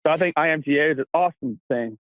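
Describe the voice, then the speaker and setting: A man in his thirties from Kentucky, a guest telling energetic, rambling stories with laughs in a casual chat. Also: on the high side, racing, no room sound. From Kentucky, USA. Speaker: guest, actor. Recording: tinny phone-like line, dry.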